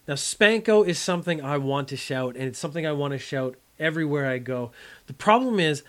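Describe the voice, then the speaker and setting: A man's voice: fairly high pitch, a bit bright. A man hosting a podcast, telling a history story in a casual, jokey and emphatic way. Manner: jokey, emphatic, playful asides. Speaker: podcast host.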